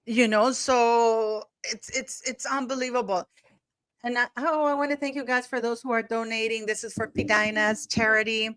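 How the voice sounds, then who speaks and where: A woman's voice: a little high, fairly even intonation, moderate pace, fairly bright tone, clear, resonant tone, no echo. A woman hosting a casual livestream, rambling and chatty with many restarts, thanking donors effusively. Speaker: livestream host.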